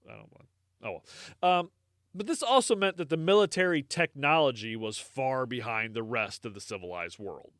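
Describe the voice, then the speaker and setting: A man's voice: medium pitch, lively intonation, moderate pace, a bit bright, no echo, clean studio sound. An American man hosting a history podcast, talking casually with many fillers and swearing. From United States. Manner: rambling, many fillers, swears casually, laughs at own jokes. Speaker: podcast host.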